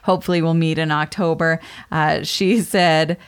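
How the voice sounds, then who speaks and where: A woman's voice: low voice, steady tone, normal speed, clear, resonant tone. A woman co-hosting a podcast, chatting playfully and reading out listener messages. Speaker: podcast co-host. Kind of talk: casual podcast chat.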